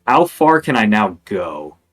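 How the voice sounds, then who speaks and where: Man, tabletop player, eager, describes attacks, lowish pitch. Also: sing-song, measured pace, a loud crowd. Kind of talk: playing a tabletop game.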